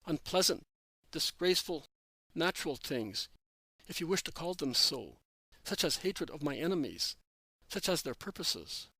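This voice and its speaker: A man voicing Jesus, a calm, stern adult teacher, speaking in a measured way in a read-aloud story. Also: on the high side, husky, no room sound, full character voice.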